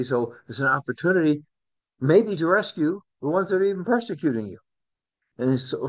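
A man's voice: fairly high pitch, fairly bright tone. A man teaching a Bible study class in a conversational way, often repeating words and asking the group questions. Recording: dull lo-fi recording.

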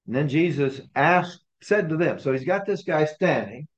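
A man's voice: fairly high pitch, animated, normal speed. A man leading a small group through scripture, teaching in a conversational way, posing questions and acting out the quoted lines. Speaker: Bible study leader. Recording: dull lo-fi recording.

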